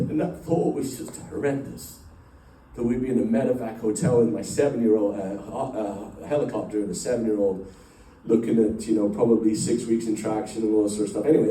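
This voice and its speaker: A fairly low, mellow voice belongs to a middle-aged man recounting an emotional personal story to a company group, rambling with many fillers and restarts. The large room is echoey, the mic sits at a distance, and slight background noise is audible.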